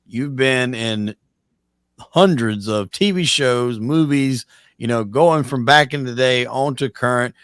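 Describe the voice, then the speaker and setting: A male podcast host who talks in a relaxed, conversational way and often uses fillers. His voice sounds dry, with no room around it. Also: mid-range voice, takes it slowly, clean tone, dry recording. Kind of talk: casual interview.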